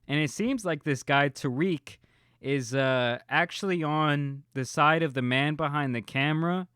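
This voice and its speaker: Smooth-voiced man giving reaction commentary. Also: medium pitch, fairly bright tone, no room sound, studio quality. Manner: earnest, conversational, frequent "uh" and "kinda". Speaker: YouTube reaction host.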